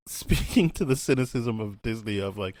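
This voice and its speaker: Low-voiced laid-back man. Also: animated, darkish tone, no room sound, studio quality. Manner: laid-back, many drawn-out "um"s. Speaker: podcast host. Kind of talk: casual chat.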